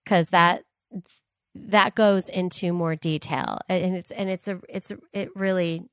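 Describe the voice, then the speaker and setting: Animated woman telling a story on a podcast. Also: lowish voice, measured pace, clear, resonant tone, no echo, studio quality. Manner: emphatic, animated, laughs readily. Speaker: podcast co-host. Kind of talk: casual chat, storytelling.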